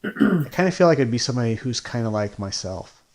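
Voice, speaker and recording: A young man of ordinary pitch talks shop about indie comics in a loose, rambling way. He often stops partway and starts his sentences over. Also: very animated, a little fast, a little mellow. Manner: hesitant, rambling, frequent restarts. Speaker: independent comic creator. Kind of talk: casual podcast chat.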